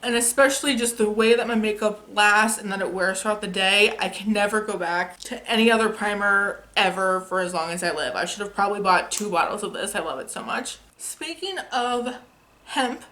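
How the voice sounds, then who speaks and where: A woman's voice: mid-range voice, normal speed, bright, forceful tone. A young woman chatting casually as a beauty vlogger, enthusiastic and chatty, swearing now and then as she reviews products at home. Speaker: beauty youtuber. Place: home filming setup.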